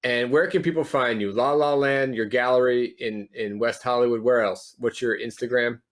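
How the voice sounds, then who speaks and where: A man's voice: medium pitch, steady tone, moderate pace. A man hosting a casual interview, upbeat, mostly giving short reactions and wrapping things up. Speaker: podcast host.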